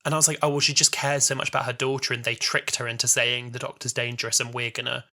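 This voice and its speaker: A man's voice: mid-range voice, flat delivery, fast talker, bright, forceful tone. A man in his twenties co-hosting a casual podcast chat, enthusiastic and rambling, often restarting his sentences. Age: 20s. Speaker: podcast co-host.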